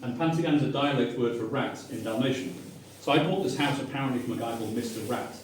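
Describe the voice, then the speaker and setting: A man's voice: mid-range voice, fast, distant mic, a little hiss or hum. English man telling stories in an echoey room. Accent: Mancunian English. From Manchester, England. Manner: animated, self-mocking, acts out quoted voices. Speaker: author giving a talk. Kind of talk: humorous storytelling talk. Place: restaurant dining room with an audience.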